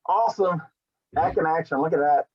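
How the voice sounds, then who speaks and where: A man's voice: a little high, fairly quick, breathy edge. A man hosting a spicy food challenge in casual on-camera chat, joking and sometimes talking with his mouth full. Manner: chatty, jokey, talks with his mouth full. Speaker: show host. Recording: dull lo-fi audio.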